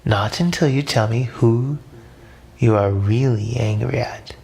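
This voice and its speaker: A man voicing a giant female octopus in a storybook, stern but caring, speaking slowly and firmly. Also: medium pitch, vocal fry, darkish tone. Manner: firm, slow and instructive.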